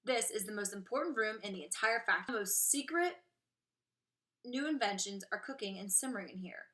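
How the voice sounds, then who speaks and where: A woman voicing an excitable, eccentric male candy maker who gives brisk, theatrical orders while reading a storybook aloud. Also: mid-range voice, natural voice. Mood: brisk commanding.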